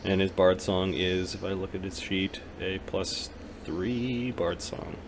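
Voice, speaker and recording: A man's voice: low voice, slow pace, background noise. A man acting as game master, narrating a tabletop game and working through rules, with many fillers.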